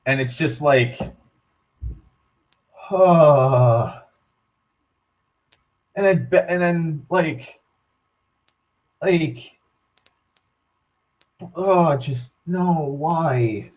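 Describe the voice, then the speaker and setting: A man's voice: a little high, extremely slow, long pauses. A young man giving a rambling casual rant, swearing often, leaning on "like" and restarting his sentences. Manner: rambling, profane, heavy on "like", frequent restarts. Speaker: vlogger.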